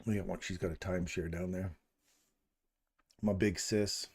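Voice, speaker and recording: A man's voice: low voice, fairly even intonation, moderate pace, husky. A middle-aged man hosting a live stream, chatting casually in a jokey, rambling, self-deprecating way. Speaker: livestream host.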